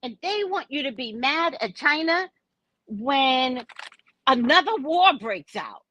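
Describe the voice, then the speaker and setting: A woman hosting a casual livestream, talking in an animated, theatrical way and acting out the people she quotes. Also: sits high, slow pace, lo-fi sound. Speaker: psychic livestream host.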